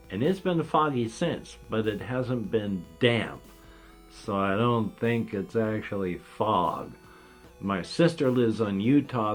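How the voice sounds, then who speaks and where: Man in his fifties, low voice, rambling vlog talk, wry gallows humor, slight denture whistle. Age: 50s. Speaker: vlogger. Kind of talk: rambling casual monologue.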